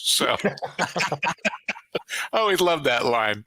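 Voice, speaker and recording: Bright-voiced man recounting a film plot. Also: medium pitch, animated, fairly quick, long pauses, no room sound. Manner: anecdotal, storytelling with filler words. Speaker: podcast co-host. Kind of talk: casual podcast chat, film synopsis.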